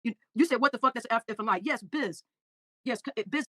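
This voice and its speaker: A woman hosting a casual livestream, reading out viewer comments and talking with emotion, often halting and repeating her words. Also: a little high, fairly bright tone, breathy edge, no echo. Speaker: livestream host.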